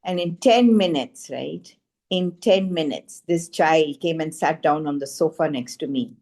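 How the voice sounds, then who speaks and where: A woman telling a personal healing testimonial in an earnest, animated way, with many "you know" fillers. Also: low-pitched, a little slow. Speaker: frequency healing practitioner.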